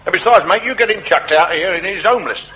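A man's voice: high voice, fast talker, bright, forceful tone, highs cut off. A man playing a brash landlord. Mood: defiant. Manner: brash, mocking, streetwise. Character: cheeky working-class male slum landlord. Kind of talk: comedy radio sketch acting.

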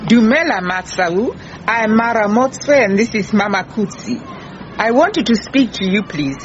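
A woman playing a calm, persistent woman detective. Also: medium pitch, unhurried, dull audio, slight background noise, lightly acted. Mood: firm, gentle. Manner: gentle but firm, patient. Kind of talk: radio drama acting.

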